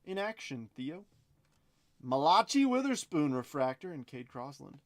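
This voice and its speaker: A man's voice: a little high, big pitch swings, a little slow. A man hosting a live card-break stream from his basement, rattling off player names between jokey asides.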